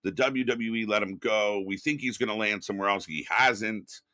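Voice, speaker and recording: A middle-aged man with a lowish, sharp-toned voice streams live from his home studio at a moderate pace, with no echo. He chats casually and rambles, reading viewer messages aloud, greeting people, restarting sentences, using plenty of fillers and some swearing.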